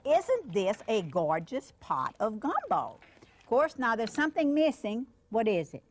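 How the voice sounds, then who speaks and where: A woman's voice: fairly high pitch, wildly swooping pitch, measured pace. An older woman with a Cajun accent hosting a cooking show. She chats affectionately with a child beside her as she demonstrates a dish. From Louisiana. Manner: chatty and affectionate, talks to the child while cooking.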